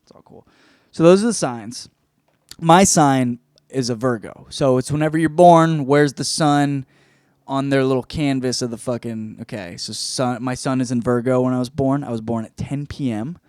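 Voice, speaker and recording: A man's voice: mid-range voice, normal speed, a little mellow, no room sound, studio quality. A man hosting his own solo comedy podcast, rambling, profane and mocking himself as he goes. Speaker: podcast host.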